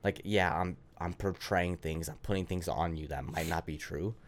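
A man's voice: low voice, steady tone, normal speed. A man co-hosting a casual podcast, rambling with lots of swearing and filler words. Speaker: podcast co-host.

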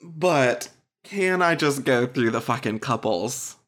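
A man's voice: mid-range voice, lively intonation, slow, a bit bright. A man co-hosting a casual recap podcast, sarcastic and swearing freely. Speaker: podcast co-host.

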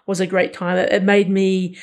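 A man's voice: sits high, completely flat delivery, moderate pace. A man co-hosting a podcast, chatting casually about a film in a rambling way with lots of fillers. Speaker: podcast co-host.

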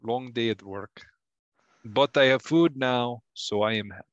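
A man playing a boastful Russian immigrant husband with a Russian accent, talking in a deadpan, needling way. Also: medium pitch, unhurried, dry recording, lo-fi sound, natural voice. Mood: deadpan proud. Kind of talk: comedy sketch acting.

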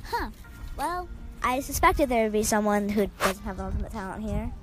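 A woman's voice: mid-range voice, expressive, normal speed, over music, lightly acted. A woman voicing a grinning, smug young male student who talks in a mocking way.

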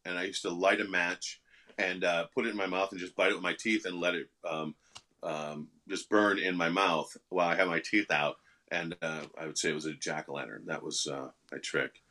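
A middle-aged man with a low, deep-set voice tells rambling, self-deprecating stories as an interview guest. He is loose and chatty, with plenty of fillers and restarts. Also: fairly even intonation, fairly quick, bright, forceful tone. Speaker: actor and guest. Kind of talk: casual interview storytelling.

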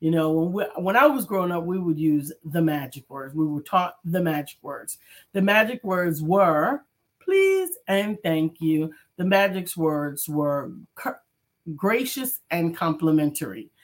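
A woman co-hosts a casual morning talk show in a somewhat low voice. She greets listeners by name and reads their messages aloud at length. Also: expressive, measured pace. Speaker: co-host.

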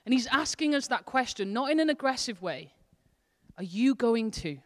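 A Welsh woman, an associate pastor, preaches a sermon in a church hall, her slightly high voice lively in intonation and moving at a normal speed. She speaks casually and earnestly, as if in conversation, her intensity rising and falling. The recording carries the long reverb of the hall.

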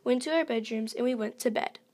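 A woman's voice: fairly high pitch, fairly quick. A woman reading her own story aloud in a plain, earnest way, with simple phrasing.

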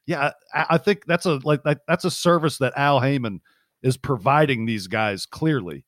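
A man co-hosts a podcast in an easy, mid-pitched voice. He is blunt and relaxed, drops swear words and laughs along. The sound is close and dry on the mic. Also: normal speed, no echo. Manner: laid-back, blunt, swears and laughs easily. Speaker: boxing podcast co-host. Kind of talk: casual podcast chat.

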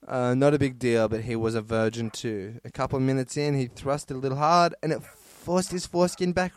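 Guy doing a podcast, reads stories out loud, swears a lot, laughs, dry close mic. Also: mid-range voice, clean tone, no echo. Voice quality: crude, swears freely, laughs between lines. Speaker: podcast host reading listener stories. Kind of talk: casual podcast chat.

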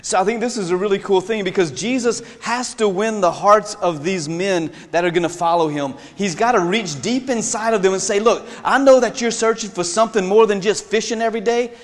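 Animated high-voiced male preacher. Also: normal speed, big-room sound. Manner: animated, laughing, acts out voices in quotes. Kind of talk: sermon.

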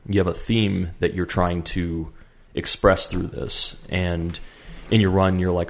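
A man's voice: low-pitched, flat delivery, measured pace. A man co-hosting a podcast, talking casually and rambling, with many fillers and restarts. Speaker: podcast co-host. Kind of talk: casual chat.

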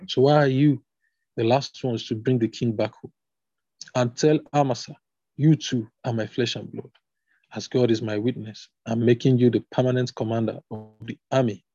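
A man's voice: mid-range voice, fairly even intonation, moderate pace, darkish tone, breathy edge, dry recording, highs cut off. King David, a grieving old king, read by a man. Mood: commanding. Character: grieving old king lamenting his son.

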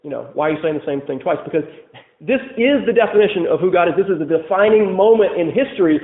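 A male pastor preaching a sermon, impassioned, swinging from loud declarations to hushed lines. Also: high voice, lively intonation, fast. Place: church. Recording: phone-like sound in an echoey room.

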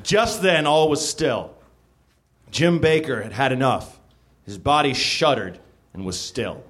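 A man's voice: medium pitch, expressive, unhurried, fairly bright tone, slight background noise. A man comedian reading a raunchy story aloud to a live theater audience, stumbling and laughing now and then. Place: small theater stage.

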